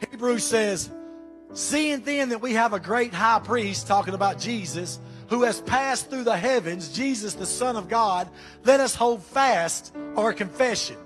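High-voiced preacher. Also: male voice. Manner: emphatic preaching, exclamations of praise. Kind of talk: sermon.

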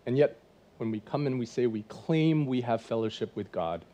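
A man's voice: mid-range voice, animated, moderate pace, dark tone. A man in his forties preaching a sermon in a church, conversational and full of rhetorical questions. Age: 40s. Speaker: pastor.

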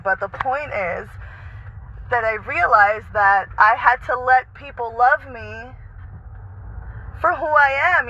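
A man's voice: very high voice, pushed and bright. A man talking casually while driving his car, chatty, sprinkling in Spanish words and swearing freely. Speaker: artist vlogger. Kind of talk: casual monologue to camera. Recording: slightly muffled with faint road noise.

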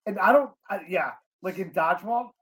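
A co-host on a loose livestream, chiming in with blunt, profane wisecracks. The pitch sits in a middle register. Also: expressive, a little fast, crowd noise. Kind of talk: casual livestream video reaction chat.

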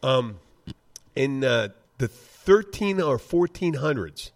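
A man's voice: medium pitch, big pitch swings, slow pace. A man hosting a casual podcast, rambling through stories and swearing casually. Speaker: podcast host.

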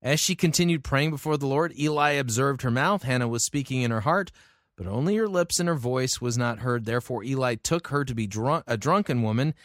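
A man's voice: mid-range voice, fairly quick, a bit bright, no echo, studio quality. A man reviewing a sermon, reading scripture aloud and answering the preacher with sarcastic, exasperated remarks. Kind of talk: critical commentary.

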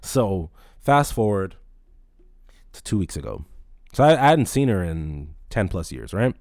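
A man's voice: low-pitched, big pitch swings, unhurried, a little mellow, no echo, clean studio sound. A man in his late twenties, a podcast host, telling a rambling, profane story in casual talk.

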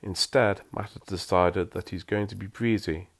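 A very deep-voiced man reads a story aloud. He drops into dry, self-mocking asides between passages. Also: fairly even intonation, normal speed, creaky.

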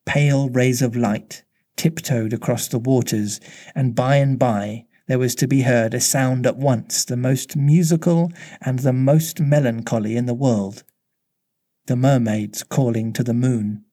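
A man reading a children's storybook aloud in a measured way, slowing down at tense moments. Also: medium pitch, warm tone.

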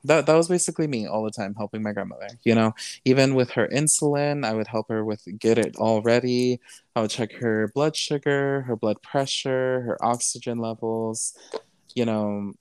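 Smooth-voiced Texan man telling a story. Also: on the low side, a little mellow, dry recording. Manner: switches between English and Spanish, many fillers like "you know"; earnest, emotional retelling. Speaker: podcast guest. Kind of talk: casual storytelling.

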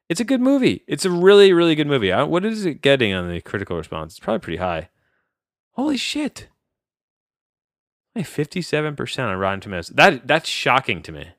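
Rambling man, somewhat low voice. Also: no room sound, studio quality. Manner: rambling, self-interrupting, easily excited. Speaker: podcast movie reviewer. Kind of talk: casual film review chat.

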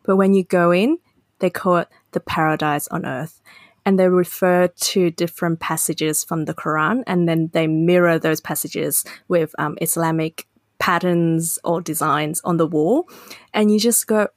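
A woman co-hosting a podcast in easy, casual conversation. Her voice sits on the low side, and she tells her stories in a chatty, explanatory way. The recording is dry and close. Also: steady tone, measured pace, dry recording. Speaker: podcast co-host. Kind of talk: casual chat.

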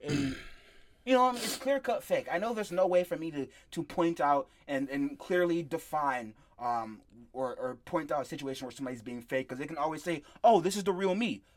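Young man, podcast host, slightly high voice, rambling, joking, casual chat. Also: lively intonation, moderate pace. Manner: rambling, joking, laughs a lot. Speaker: podcast host and content creator.

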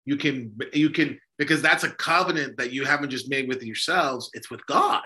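A bright, clear-toned man talks as a priest in a relaxed faith discussion. He is emphatic and a little preachy, circling back with fillers and restarts. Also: medium pitch, normal speed. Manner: emphatic, preachy, self-interrupting with many fillers. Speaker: Orthodox priest and podcast host. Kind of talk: casual religious discussion.

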